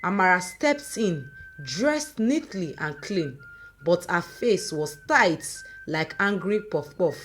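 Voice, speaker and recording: A woman, reading a dramatic folk story aloud in a lively, folksy manner. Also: lowish voice, slow pace, a little hiss or hum. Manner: lively folksy narration with local similes. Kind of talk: scripted story narration.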